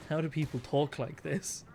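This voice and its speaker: A man's voice: fairly high pitch, vocal fry, a little mellow, slight background noise. A man streaming a video game, chatting casually with a friend, swearing freely and laughing often. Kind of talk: casual gaming chat.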